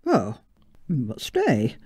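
Woman doing a gallant but sheepish young husband, hesitant, low and dark-toned, dry close sound. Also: huge pitch swings, extremely slow, slightly rough, dry recording, exaggerated voice. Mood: earnest, tender.

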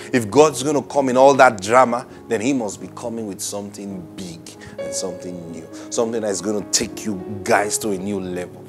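A man preaching a Bible study sermon, animated, acting out quoted voices and laughing often. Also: fairly low pitch.

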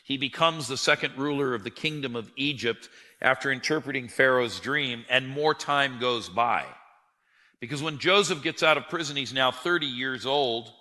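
A man's voice: mid-range voice, moderate pace, bright, forceful tone. A man preaching a sermon, telling the story with animation and acting out the quotes. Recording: long hall reverb.

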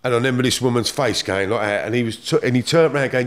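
A man's voice: mid-range voice, very fast. A middle-aged man with a London accent, telling his story bluntly and with plenty of swearing as a guest in a casual interview.

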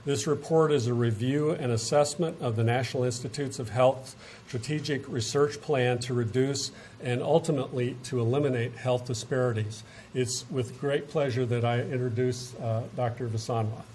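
A man hosting a university event, reading a formal introduction of the guest with frequent "uh" pauses. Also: mid-range voice, steady tone, darkish tone, a little hiss or hum. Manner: reads a biography with frequent "uh" pauses. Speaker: event host introducing the speaker. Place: lecture hall.

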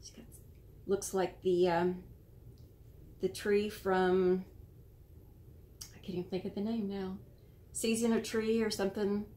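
An American woman hosting a casual show-and-tell of handmade cards, admiring and gentle, sometimes searching for words. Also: medium pitch, level tone, unhurried, long pauses. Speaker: card-making channel host.

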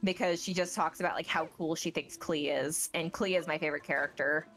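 A woman's voice: sits low, fairly even intonation, brisk, a bit bright, soft background music. A woman guesting on a game stream as a voice actor, chatting in a bubbly, gushing way. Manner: bubbly, gushing, lots of fillers. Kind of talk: casual chat on a game stream.

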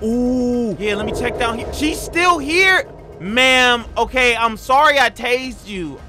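A man acting out a game role-play as a gaming YouTuber, slangy and excitable, often shouting in alarm and talking to his viewers. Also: very high-pitched.

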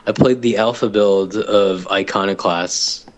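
A man's voice: on the low side, steady tone, measured pace, slight background noise, low-quality recording. A young man co-hosting a casual gaming podcast. He talks bluntly and swears freely, ranting about games he dislikes. His sentences often break off and restart. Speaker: podcast co-host.

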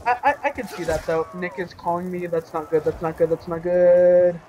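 A man's voice: high voice, quick pace, dull audio, slight background noise. A young man hosting a casual gaming chat over a voice call, rambling with lots of fillers and restarts. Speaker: host.

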